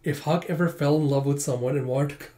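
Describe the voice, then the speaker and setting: A man's voice: fairly high pitch, steady tone, fast talker, dark tone, close to an everyday voice. A man reading as an earnest young princess.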